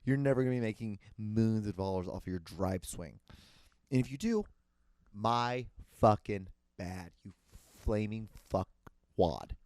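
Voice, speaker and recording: A man's voice: fairly low pitch, a little slow, a little mellow, dry recording. A young man hosting a solo podcast, telling a rambling, profane story and acting out the other people's lines. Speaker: podcast host.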